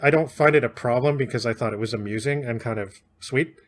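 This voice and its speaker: A man's voice: medium pitch, fast talker. A man co-hosting a podcast, casually recapping and discussing a classic novel, chatty and often laughing. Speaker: podcast co-host.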